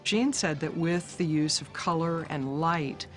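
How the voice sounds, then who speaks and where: A woman's voice: low-pitched, a little slow, faint music behind. A woman recounting behind-the-scenes stories in a documentary interview, retelling quoted dialogue conversationally.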